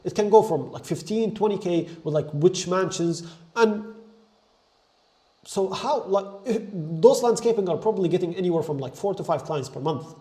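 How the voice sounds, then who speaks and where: A young male business coach talks straight to his viewers in an emphatic, driving way. His voice sits a little high but has a mellow, soft edge. He keeps leaning on "like" and checking in with "right?". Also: normal speed. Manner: energetic and emphatic, peppered with "like" and "right?". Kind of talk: motivational business talk to camera.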